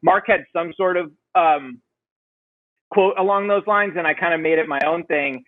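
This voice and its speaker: A man's voice: fairly high pitch, normal speed, no echo. Lo-fi man chatting with fillers. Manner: rambling, self-deprecating, many fillers. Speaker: podcast guest, band vocalist. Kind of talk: casual interview chat.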